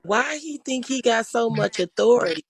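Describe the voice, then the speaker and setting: Woman co-host, high gravelly voice, dry close sound, incredulous and indignant, casual. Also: animated, moderate pace, no echo. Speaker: stream co-host. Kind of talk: casual chat.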